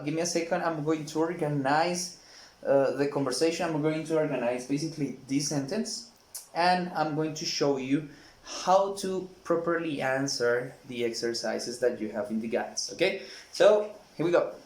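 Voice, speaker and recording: Brief: male English teacher, slightly high voice, patient and repetitive, echoey room. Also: a little mellow. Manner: slow, patient, repeats example sentences. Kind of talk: recorded grammar lesson.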